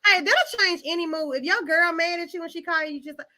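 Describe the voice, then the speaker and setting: A woman's voice: very high voice, a little fast, over a noisy crowd. A woman co-hosting a casual chat, joking in a playful, dramatic way. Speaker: podcast co-host.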